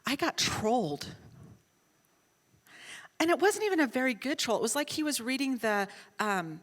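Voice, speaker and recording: Lively, bright-voiced middle-aged woman panelist. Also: high voice, fast talker, big-room sound. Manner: animated, self-mocking, acts out dialogue. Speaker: conference panelist. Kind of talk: storytelling talk on a panel. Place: large conference hall.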